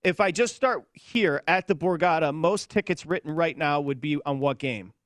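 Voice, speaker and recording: A man hosting a sports betting talk show, upbeat, bantering quickly with his co-hosts. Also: a little high, no echo, studio quality.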